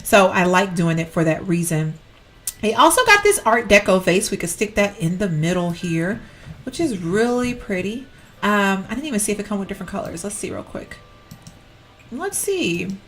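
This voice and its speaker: A woman's voice: mid-range voice, very animated, moderate pace, fairly bright tone. A woman giving casual, rambling commentary while decorating in a life-sim game, often correcting herself. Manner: chatty, rambling, self-correcting, giggly. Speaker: Sims gameplay YouTuber.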